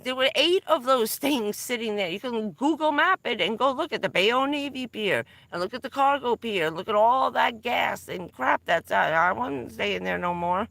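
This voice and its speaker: A middle-aged woman from New Jersey on a vanlife live stream, talking casually and telling rambling, excitable stories with the odd swear word. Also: on the high side, normal speed, vocal fry, hardly any pauses, no room sound. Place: in or around her van.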